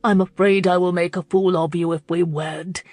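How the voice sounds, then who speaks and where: A woman reader voicing a guilt-ridden young aristocratic gentleman, speaking softly and with restraint. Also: steady tone, moderate pace, no room sound, soft background music, lightly acted. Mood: remorseful. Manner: low, soft, restrained delivery.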